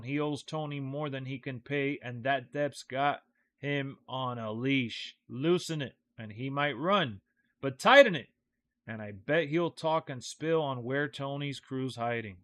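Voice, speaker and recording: A man's voice: medium pitch, a little slow, fairly bright tone, dry recording, lightly acted. A man reading out a game's dialogue as a tough, hard-boiled male hero, in clipped lines. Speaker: streamer reading game dialogue aloud. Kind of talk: reading game text aloud in character.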